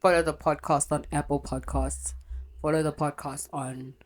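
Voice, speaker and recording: A woman's voice: deep voice, little pitch movement, normal speed. A young woman hosting a podcast, talking bluntly and rawly and swearing freely as she trails off. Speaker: podcast host. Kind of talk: confessional podcast monologue.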